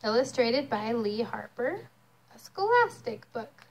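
A young mother reading a picture book aloud to her child, expressive and storytelling. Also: fairly high pitch, a little slow, gravelly.

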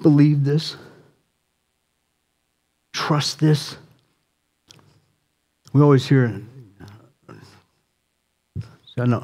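A man preaching a sermon as pastor, swinging from impassioned, near-shouted appeals to soft, quiet pleading. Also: a little high, fairly even intonation, very slow, pauses often.

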